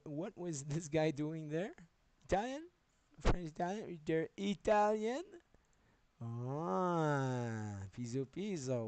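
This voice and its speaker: A man's voice: mid-range voice, a little mellow. A man live-streaming, talking in a rambling way, swearing and jumping between topics as he goes.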